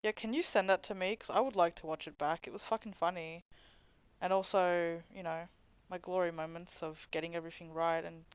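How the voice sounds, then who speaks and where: A young woman hosting a livestream, chatting casually with viewers in a low voice that people mistake for a man's, swearing and laughing often. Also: clear, resonant tone, dry recording, poor audio. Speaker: livestream host. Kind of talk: casual chat reading stream comments.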